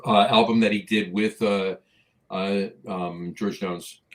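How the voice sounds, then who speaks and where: A man co-hosting a podcast in casual chat, talking in a halting way with many fillers as he searches for words. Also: fairly low pitch, fairly even intonation. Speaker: podcast co-host.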